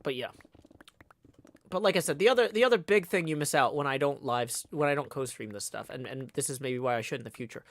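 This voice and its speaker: A man hosts a casual livestream from a home room, rambling and irritated, often restarting his sentences. His voice sits at a middle pitch. The recording is dry and close, with no room sound. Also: quick pace, no echo. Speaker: livestream host.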